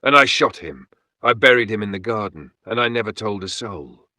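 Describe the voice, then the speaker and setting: A sweet old widow who speaks gently and drops to a whisper, played by a man. Her voice is bright and close, with no room around it. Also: lowish voice, animated, normal speed, dry recording. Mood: confessing. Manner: gentle, soft-spoken, whispering when shaken. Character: sweet old widow hiding a dark secret.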